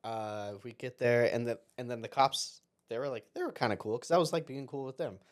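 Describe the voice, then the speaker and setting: A man recounting a personal story in a relaxed, rambling way, often slipping into the quoted words of others. His pitch sits in an ordinary middle range. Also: a little fast. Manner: rambling, self-interrupting anecdote with quoted dialogue. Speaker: podcast guest. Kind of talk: casual storytelling.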